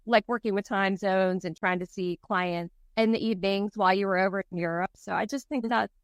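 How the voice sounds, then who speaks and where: Host, female, bubbly and chatty, mid-pitched, dry close mic. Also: a little fast, clear, resonant tone, no echo. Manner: excitable, chatty, laughs often. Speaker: podcast host. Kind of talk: casual chat.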